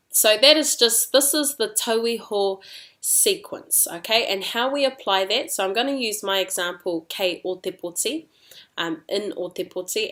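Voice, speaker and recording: Chatty woman teaching a language lesson. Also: mid-range voice. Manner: relaxed and chatty, with fillers and asides.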